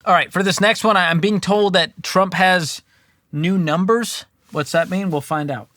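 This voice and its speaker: A man's voice: sits high, moderate pace, a bit bright, no echo, studio quality. A man hosting a personal finance reaction show, giving casual, comedic commentary in a wry, sarcastic, jokey way.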